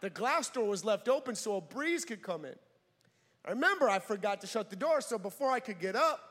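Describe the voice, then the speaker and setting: In a church, a young preacher with a voice that sits high tells a personal story at a slightly fast clip, animatedly acting out the voices of the people involved. The audio has a big-room sound.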